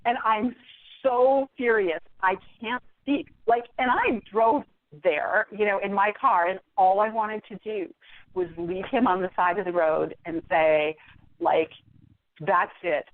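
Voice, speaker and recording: A woman's voice: medium pitch, dry recording. Woman telling a story over a tinny phone line. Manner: animated, exasperated retelling. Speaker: guest. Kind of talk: storytelling in a podcast interview. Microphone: phone call.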